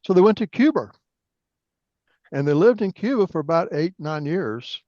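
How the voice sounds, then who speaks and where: A man's voice: on the high side, expressive, normal speed, a little mellow, no room sound. A man chatting over an online call, asking questions and drifting into long, rambling family stories. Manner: rambling, tangential storyteller. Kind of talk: casual conversation on a call. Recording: dull, dry online call audio.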